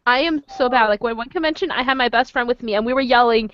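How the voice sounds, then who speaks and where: A woman hosting a casual stream chat and telling excitable, laughing stories. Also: on the high side, no room sound. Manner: excitable, storytelling, quick laughs. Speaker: host. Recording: dull lo-fi stream audio.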